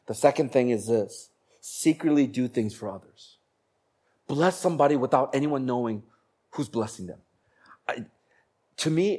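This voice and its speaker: A man preaching a sermon as a pastor, slowing down to stress key phrases and growing animated when he tells stories. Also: medium pitch, breathy edge. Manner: animated storytelling, bursts of laughter and acted voices; slows down for emphasis on key phrases.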